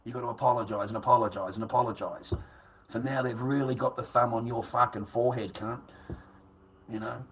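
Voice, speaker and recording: A man's voice: mid-range voice, fairly even intonation, brisk, poor audio. A man ranting to camera in a coarse, repetitive way, swearing freely.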